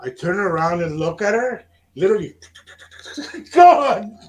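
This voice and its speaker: Animated man telling a story. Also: high-pitched, measured pace. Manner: animated, acts out quoted dialogue. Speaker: radio show host. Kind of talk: casual storytelling chat.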